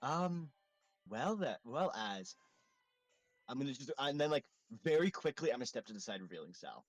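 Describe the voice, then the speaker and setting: A man's voice: mid-range voice, dry recording, soft background music. A man playing a tabletop game on a call, talking in rambling, eager asides. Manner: lively, rambling, quick asides. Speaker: player. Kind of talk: casual tabletop play. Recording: online call audio.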